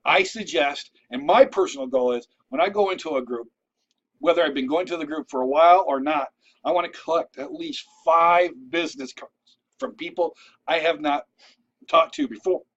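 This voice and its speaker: A vlogger gives networking tips straight to camera, speaking loosely and conversationally with lots of asides and restarts while repeatedly asking "all right?" to check in. His voice is slightly high and a bit bright, at normal speed, on a recording that sounds a little dull and lo-fi.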